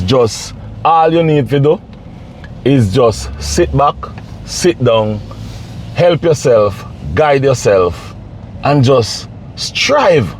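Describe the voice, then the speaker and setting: A man's voice: medium pitch, darkish tone, a little hiss or hum. A man giving casual, pleading commentary to camera, repeating himself and preaching. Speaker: vlogger.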